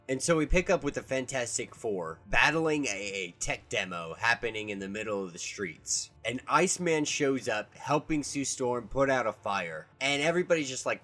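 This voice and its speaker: A man of middle pitch giving a casual comic book recap. He rambles loosely, circling back on his words with plenty of restarts and fillers. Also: expressive, moderate pace, few pauses, pushed and bright, soft background music.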